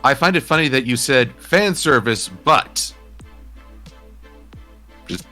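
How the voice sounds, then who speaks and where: A man being interviewed about his art, speaking in a measured, thoughtful way with frequent pauses. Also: mid-range voice, lively intonation, bright, forceful tone, soft background music. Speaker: interview guest, digital artist. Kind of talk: casual chat interview.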